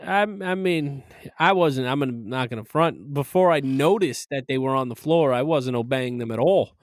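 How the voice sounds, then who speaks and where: A man's voice: mid-range voice, moderate pace, dry recording, studio quality. A man co-hosting a podcast, chatting casually, swearing often and laughing a lot. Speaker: podcast co-host. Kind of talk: casual chat.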